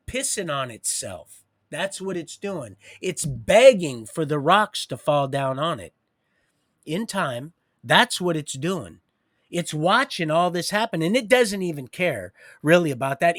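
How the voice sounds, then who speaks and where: An older man with a fairly high voice delivers a rambling spiritual monologue on his own livestream. He talks in halting bursts full of restarts and swings from hushed whispers to loud, preachy declarations. The sound is dry and close. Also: lively intonation, dry recording. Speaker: livestream host.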